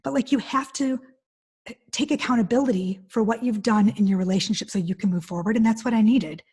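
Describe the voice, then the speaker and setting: A woman guest on an interview podcast, telling stories in an animated, expressive way. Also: fairly high pitch, brisk, slightly rough. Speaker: divorce specialist guest. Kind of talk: conversational interview.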